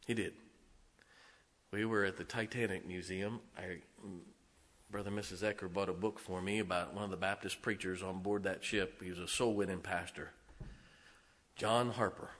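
A middle-aged male pastor preaching in a church, his voice bright and forceful as it rings through a long reverb. He jumps from emphatic outbursts to hushed, confiding asides and keeps chuckling between points. It sounds like an everyday congregation sermon. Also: low-pitched, steady tone, normal speed, pauses often. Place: church sanctuary.

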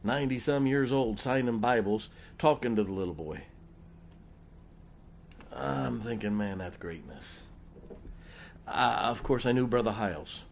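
A man's voice: medium pitch, moderate pace, creaky, a little hiss or hum. A middle-aged man preaching a sermon, telling folksy personal stories and putting rhetorical questions to the congregation.

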